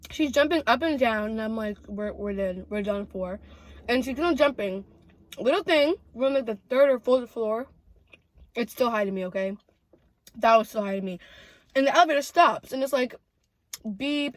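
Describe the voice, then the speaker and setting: Eating as she talks, a young female vlogger spins a lively, chatty story loaded with "like" and "literally." Her voice sits a little high, with no room sound.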